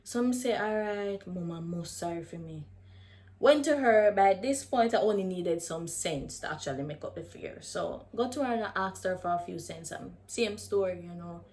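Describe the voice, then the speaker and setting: A young woman with a Jamaican accent tells a story in a casual vlog. She is animated and slips in and out of patois as she talks. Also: mid-range voice, moderate pace, few pauses. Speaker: vlogger.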